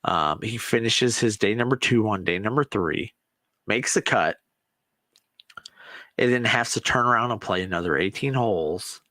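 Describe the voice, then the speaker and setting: A man hosting a podcast, chatting casually and excitably about sports and swearing now and then. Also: fairly low pitch, normal speed, no echo. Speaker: podcast host. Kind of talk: casual solo chat.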